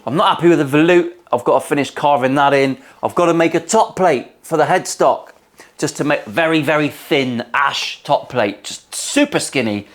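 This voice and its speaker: A man from England with a West Country accent and a voice on the high side hosts a guitar-building vlog from his home workshop. Speaking at normal speed, he's cheeky and jokey, swearing freely in casual banter.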